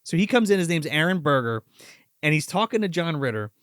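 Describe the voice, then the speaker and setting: A man's voice: fairly high pitch, very animated, fairly quick, fairly bright tone, no room sound, clean studio sound. A man co-hosting a podcast, chatting casually about a movie, swearing freely and acting out quotes. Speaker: podcast co-host. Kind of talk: casual movie review chat.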